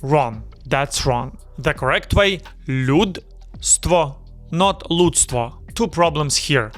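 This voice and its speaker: A man from Ukraine with a Ukrainian accent, hosting a pronunciation lesson and speaking slowly and deliberately, repeating words to demonstrate their sounds. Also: a little high, lively intonation, a bit bright, soft background music. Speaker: YouTube host teaching pronunciation.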